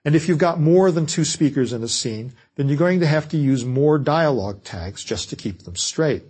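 A man giving a measured, scripted lecture on writing fiction. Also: fairly high pitch, expressive, a little mellow, slightly rough. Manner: measured, explanatory delivery.

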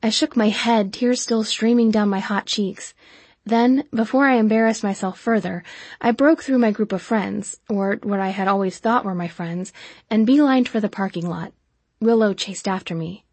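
A woman reading a first-person story as an audiobook narrator, emotional and intimate, slowing down for dialogue. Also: medium pitch, darkish tone, breathy edge, no echo.

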